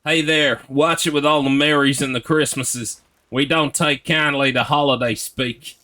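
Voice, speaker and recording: A man's voice: a little high, fairly even intonation, moderate pace, sharp tone. Man putting on a huffy Southern drawl. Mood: indignant. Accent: put-on US Southern. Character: indignant folksy Southern man scolding holiday talk.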